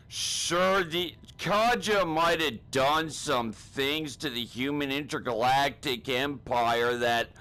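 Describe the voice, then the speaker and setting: A man's voice: fairly high pitch, sharp tone, exaggerated voice, low-quality recording. A man playing a timid, whiny recruit in a comedy spoof, stammering and pleading nervously.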